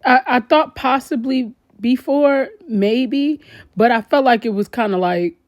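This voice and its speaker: A woman giving casual commentary to her viewers, animated and exclaiming as she talks straight to them. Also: high-pitched, unhurried, dry recording, studio quality. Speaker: commentary vlogger.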